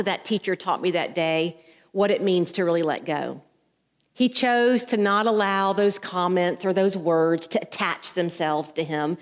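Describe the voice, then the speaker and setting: A woman pastor preaching a sermon into a headset mic, telling stories and acting out the voices in them. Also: mid-range voice. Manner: storytelling, acts out voices in anecdotes. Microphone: headset mic at the ear. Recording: long hall reverb.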